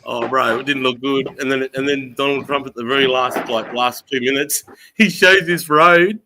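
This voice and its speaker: A man's voice: medium pitch, normal speed, background noise. A man with an Australian accent hosting a livestream, chatting casually and swearing a lot, laughing as he retells things. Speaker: livestream host. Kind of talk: casual chat.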